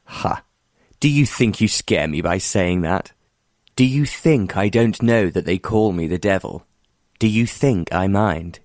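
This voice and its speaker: A domineering bully from a period romance audiobook, sneering and emphatic, as a male narrator plays him. Low-pitched and harsh, recorded dry and close. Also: normal speed, darkish tone, dry recording, natural voice. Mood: defiant.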